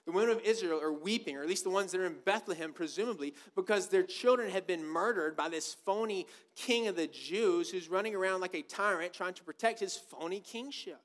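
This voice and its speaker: A man's voice: high-pitched, a little fast, hardly any pauses. A man preaching a sermon, emphatic and full of repeated rhetorical questions.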